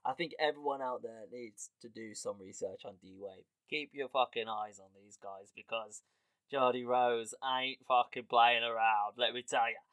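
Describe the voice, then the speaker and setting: A man's voice: mid-range voice, moderate pace, no echo. Man hosting a comedy podcast, laughs a lot, swears, medium voice, dry close sound. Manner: animated, laughs often, swears casually. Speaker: podcast host. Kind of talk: casual comedic monologue.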